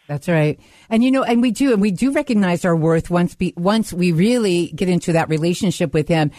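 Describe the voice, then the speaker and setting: A woman's voice: fairly low pitch, animated, a little fast, mellow, no echo. Woman hosting a radio interview. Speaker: radio host.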